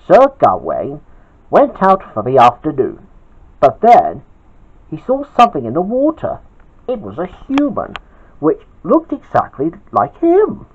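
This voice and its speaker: Slow, halting man reading a homemade story. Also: a little high, huge pitch swings, breathy edge, highs cut off. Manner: halting and chatty, with asides. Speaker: storyteller, channel host.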